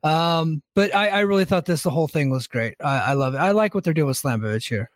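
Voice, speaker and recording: A man hosting a casual wrestling recap podcast, relaxed, laughing often and swearing. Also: fairly high pitch, fast talker, no echo, clean studio sound. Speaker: podcast host recapping a show.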